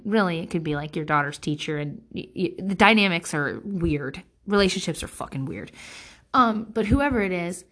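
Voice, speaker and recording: A woman in her thirties talking casually to camera, blunt and profane, giving advice while she vents about passive-aggressive people. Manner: blunt and profane, with sarcastic impressions of others; animated, swinging between loud outbursts and low mutters.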